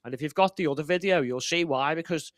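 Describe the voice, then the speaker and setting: Man, sarcastic, indignant, fairly high voice, dry room, satirical commentary chat. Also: quick pace, no echo. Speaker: show host.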